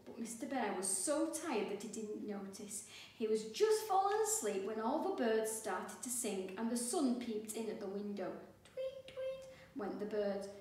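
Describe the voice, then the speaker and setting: A woman teacher reading a picture book aloud to young children, slow and expressive, doing the sound effects. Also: fairly high pitch. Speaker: primary school teacher. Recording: echoey room, mic far off.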